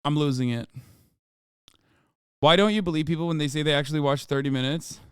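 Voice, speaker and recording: Male streamer, 30s, exasperated ranter who swears freely; smooth voice, dry close sound. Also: fairly high pitch, fairly quick, a bit bright, dry recording. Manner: exasperated, ranting, swears a lot. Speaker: streamer reacting to a video. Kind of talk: casual livestream reaction.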